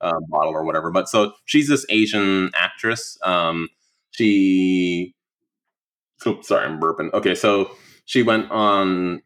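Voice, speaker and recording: A young man speaks in a low, relaxed register as a guest in a casual conversation. He rambles, circling back with fillers and restarts as he works through his thoughts. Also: unhurried.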